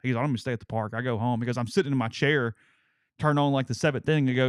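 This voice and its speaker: A man co-hosting a sports talk show, reading ads and telling a rambling, animated story in casual chat. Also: medium pitch, racing, clean tone, no echo, studio quality. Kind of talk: casual chat and live ad reads.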